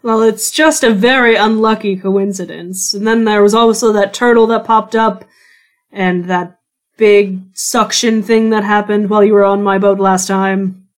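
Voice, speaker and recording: A woman's voice: medium pitch, fairly even intonation, a little slow, voice pushed down, natural voice. A woman voicing a weary middle-aged male ship captain who complains in a tired, exasperated way.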